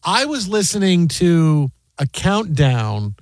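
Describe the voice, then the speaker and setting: A man's voice: a little high, no echo. A man hosting a talk radio show, joking and bantering with his co-hosts. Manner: animated, joking, quick to laugh.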